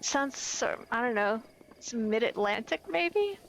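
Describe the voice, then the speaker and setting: A woman in her twenties from the United States chats playfully while streaming a game, rambling and commenting on herself. Her fairly high, gravelly voice swings widely in pitch and unhurried, and the poor audio carries a little hiss or hum.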